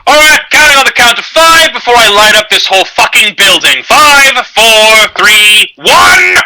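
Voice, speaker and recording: A man voicing a short-tempered male mercenary captain who shouts in exasperation. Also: high voice, lively intonation, unhurried, pitched above the performer's own voice, full character voice, low-quality recording. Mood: threatening.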